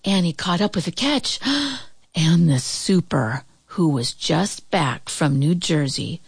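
A woman reading a children's storybook aloud in an expressive voice that rises and falls with the action. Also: sits low, slow, gravelly, breathy edge, no echo. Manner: expressive, rising and falling with the action.

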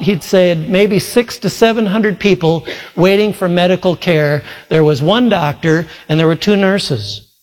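A male pastor preaching a sermon, retelling a story full of quoted speech, his pace shifting between slow and quick. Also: high-pitched. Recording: long hall reverb.

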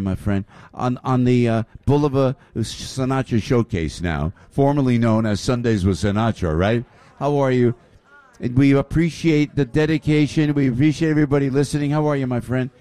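A man's voice: mid-range voice, normal speed, no echo. An older man, hosting a live radio show before a crowd and greeting the audience. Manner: lively, repeats "I'll tell you", greets the crowd. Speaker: radio host. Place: restaurant venue with a live audience.

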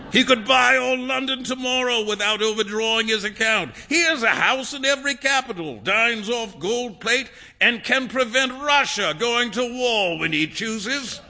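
A worldly young painter, amused and breezy, as a male reader voices him. His voice sits high and swings freely. The tone is very bright. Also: heavily acted. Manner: breezy, lively, laughing.

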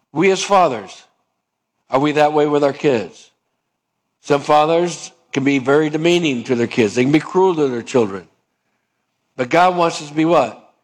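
A man preaching a sermon as pastor, asking the congregation questions and acting out little dialogues in changing voices. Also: mid-range voice. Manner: acts out dialogues with shifting voices; calls for amen, asks the congregation questions.

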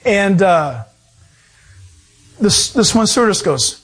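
A man preaching a storytelling sermon, animated and chuckling as he acts out the voices of people he describes. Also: high-pitched, normal speed, slightly rough.

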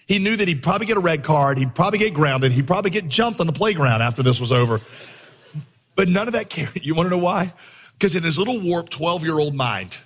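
A man preaching a sermon, telling a funny story and acting out his own shouts as a coach. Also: on the high side, expressive, fast, slightly rough, in a large hall. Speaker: pastor.

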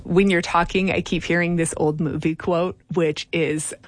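A woman's voice: on the low side, flat delivery, moderate pace. A woman hosting a podcast interview who asks questions and encourages her guest with short affirmations. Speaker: host.

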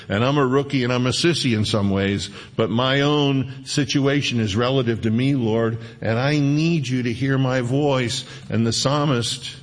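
Gravelly-voiced man preaching a sermon. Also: mid-range voice. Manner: conversational preaching, homely asides and scripture read aloud. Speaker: pastor.

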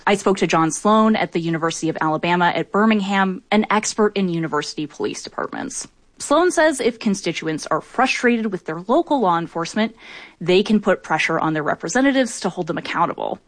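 A woman reporting a news story on radio in a measured, clear delivery. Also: medium pitch, no room sound.

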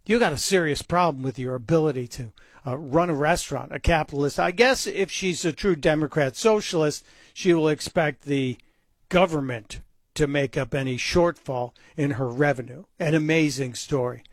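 A man with a fairly high voice holds forth as a talk radio host, his commentary sarcastic and mocking. The recording is dry, close on the mic. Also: normal speed, dry recording. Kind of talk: opinion talk radio monologue.

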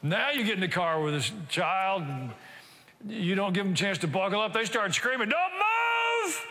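Older pastor preaching in an echoing hall. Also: male voice, high voice, moderate pace, sharp tone, slight background noise. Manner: conversational preaching with asides and rhetorical questions. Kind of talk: sermon. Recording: reverberant church hall.

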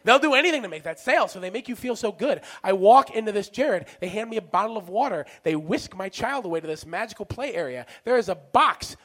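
A man doing a stand-up set, self-deprecating, shifting from muttered asides to shouts. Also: high voice, animated, fast, few pauses. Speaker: stand-up comedian.

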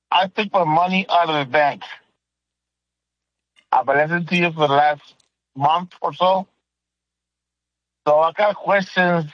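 A man's voice: fairly high pitch, no echo, lo-fi sound. A man calling in to a radio show, polite and eager as he asks his questions. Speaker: caller. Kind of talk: phone-in call.

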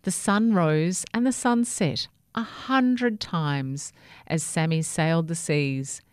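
A woman, narrating a children's story in a gentle, expressive way. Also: low voice, takes it slowly, dry recording, studio quality.

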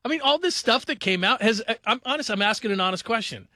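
Bright, animated sports radio host man. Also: sits high, quick pace, dry recording, studio quality. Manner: animated, laughing, joking asides. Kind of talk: casual sports talk radio.

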